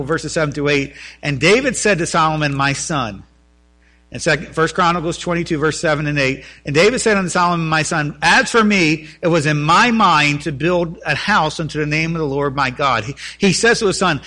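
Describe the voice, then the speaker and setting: A man preaching a sermon, reading scripture and explaining it with animated asides. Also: a little high, fairly quick. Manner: animated preaching, voices biblical figures in quotes. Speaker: pastor.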